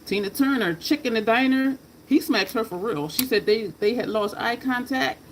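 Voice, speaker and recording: A woman's voice: on the high side, moderate pace, slight background noise, poor audio. A woman chatting casually while she does her makeup, rambling from story to story, laughing and cursing freely. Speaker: makeup vlogger.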